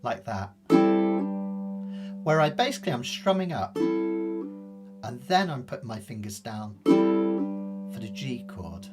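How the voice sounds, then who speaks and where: A man teaching ukulele live, talking quickly in a chatty, self-deprecating way while he explains a strumming technique. His pitch swings up and down a lot as he talks. A ukulele is clearly heard strumming behind his voice. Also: lively intonation, loud music behind the voice. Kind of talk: live online music lesson.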